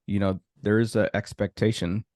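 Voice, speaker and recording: A man hosts a podcast in a relaxed, easygoing manner and often stops to say "you know." His voice sits on the low side. The recording is dry, with no room echo. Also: moderate pace. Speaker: podcast host. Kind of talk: casual conversation.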